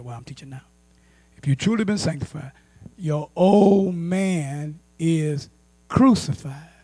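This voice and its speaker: A male pastor, teaching a Bible study with call-and-response, rising to loud emphasis and dropping to quiet asides. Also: high-pitched, breathy edge, dry recording. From United States. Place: church.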